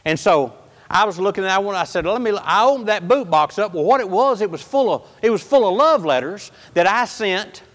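A high-voiced man tells a personal story as a sermon. His delivery is folksy and animated, jumping up to loud outbursts and dropping to hushed, near-whispered lines. The sound carries a long hall reverb. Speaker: preacher.

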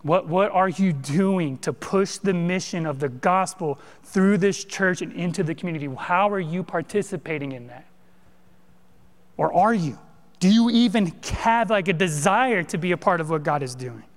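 A man preaches in a lively, conversational way, speaking directly to his listeners. His voice sits high for a man. The sound rings out with a long reverb from a church sanctuary. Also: normal speed. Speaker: pastor. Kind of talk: sermon.

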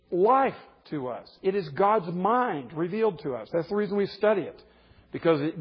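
Husky guy preaching, voice a bit high, goes way up on the quotes, echoey dull church sound. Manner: animated, rising to high dramatic pitch when quoting. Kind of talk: sermon.

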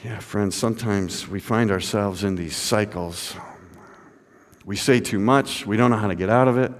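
A man's voice: lowish voice, normal speed. Man preaching in a reverberant hall. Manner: dramatic, swinging from hushed to raised. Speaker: pastor. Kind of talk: sermon storytelling.

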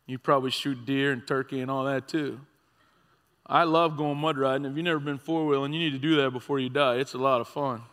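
A man preaching a sermon as a conversational story, swinging from excited and loud to hushed and quiet. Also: mid-range voice, fairly quick. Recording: long reverb of a large hall.

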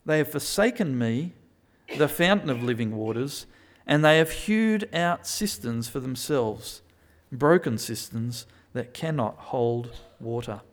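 A man preaching a sermon, moving between quiet reflection and loud, emphatic pleading. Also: mid-range voice, expressive, a little slow.

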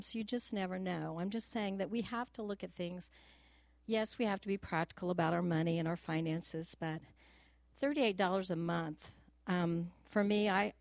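A woman's voice: on the low side, no room sound. A middle-aged woman giving an earnest, personal testimony at church, telling homely stories in a practical way and sometimes close to tears. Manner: earnest, personal and practical, with a gentle down-home storytelling way. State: tearful at times. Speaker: church speaker.

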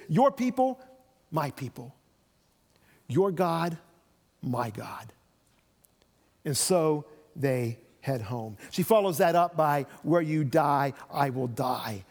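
A man's voice: fairly high pitch, darkish tone. A man preaching a sermon, retelling a Bible story and acting out the voices of its people. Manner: storytelling, acts out voices of biblical figures. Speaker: pastor. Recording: long reverb of a church hall.

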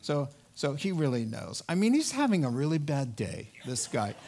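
A man preaching a sermon, telling a Bible story with animated energy and acting out the characters' lines. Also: on the high side, normal speed, a little hiss or hum. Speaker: pastor.

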